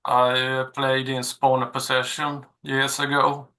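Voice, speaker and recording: A middle-aged man with a Swedish accent, a guitarist and songwriter answering interview questions plainly, pausing with fillers. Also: medium pitch, monotone, pushed and bright. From Sweden.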